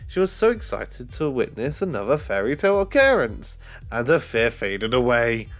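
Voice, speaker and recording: A man's voice: mid-range voice, sing-song, moderate pace, soft background music. A man reading a children's novel aloud in a casual way, often stumbling and correcting himself. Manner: stumbling, self-correcting, swears aside. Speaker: reader.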